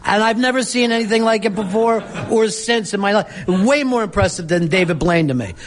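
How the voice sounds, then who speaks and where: A male interview host with a notably high voice, chatting easily and wryly with his guest. He backs the guest's stories up and adds his own. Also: brisk. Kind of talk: casual interview chat.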